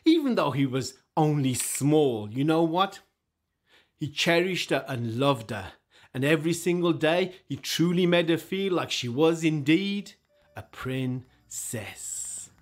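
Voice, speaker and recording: Animated male storyteller leading children. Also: a little high, measured pace. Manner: lively, animated, prompts the audience to join in.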